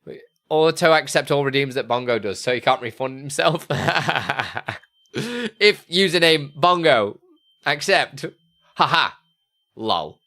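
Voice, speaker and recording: Rambling streamer, bright lively voice. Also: male voice, medium pitch, slow pace. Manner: rambling, thinking aloud, answering chat. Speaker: live streamer. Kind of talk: casual live-stream chat.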